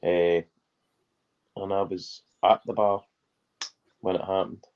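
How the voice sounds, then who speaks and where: Scottish man, deep voice, muffled call. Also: level tone, slow pace, clear, resonant tone. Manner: dry storyteller, swears casually. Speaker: guest joining on call. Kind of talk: casual chat, telling anecdotes. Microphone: video call.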